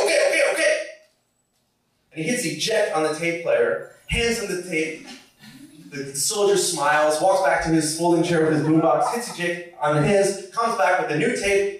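A man telling a story on stage, animated and swearing, often laughing as he talks. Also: high-pitched. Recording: echoey hall, distant mic.

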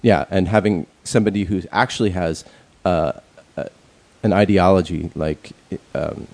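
A man's voice: sits low, moderate pace, a little mellow. A man in a casual chat, rambling with many fillers and restarts and speaking bluntly, with some profanity.

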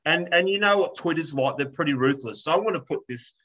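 Man, high voice, animated rant, swears, casual storytelling. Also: quick pace, poor audio.

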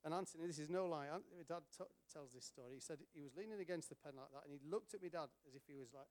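Middle-aged man, animated storyteller acting out quoted voices, fairly high voice. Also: rapid-fire. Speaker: speaker at a charity event. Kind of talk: storytelling talk.

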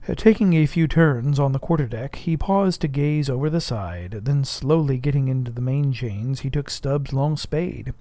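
A man reading a classic novel aloud as an audiobook, measured and at times hushed. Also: mid-range voice, no room sound. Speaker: audiobook narrator. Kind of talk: literary audiobook narration.

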